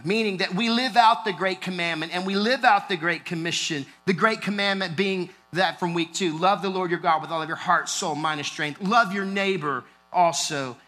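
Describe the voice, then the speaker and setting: A man with a high, bright voice preaches a sermon, earnest and building to emphatic stress. Soft music and a low mains hum sit under him in the church recording. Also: low-quality recording. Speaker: pastor.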